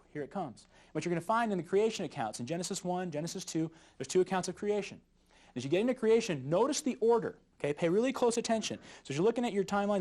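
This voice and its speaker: Male youth Bible teacher, slightly higher voice, lively and joking delivery. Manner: jokey, animated, chuckles at his own jokes.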